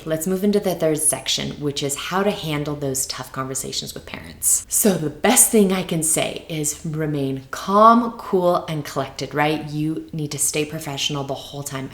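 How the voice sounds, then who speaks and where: Low-pitched lady teacher chatting advice to camera, lots of "right?", roomy echo. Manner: conversational, frequent tag questions. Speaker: teacher and channel host. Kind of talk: advice video talking to camera.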